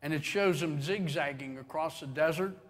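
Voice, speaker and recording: A man's voice: a little high, normal speed, long reverb tail. A man preaching a sermon as pastor, folksy and joking, building to swelling emphasis on key phrases. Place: church sanctuary.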